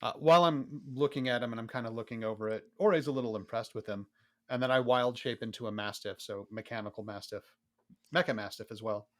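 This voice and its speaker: A man playing a tabletop game, calmly describing his character's actions at a measured pace. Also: mid-range voice. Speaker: player. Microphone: online voice call.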